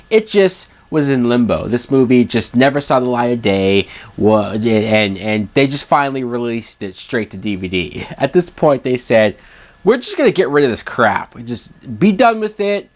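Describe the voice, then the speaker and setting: A man's voice: medium pitch, darkish tone. A man reviewing a film in a scornful, emphatic rant, swearing freely.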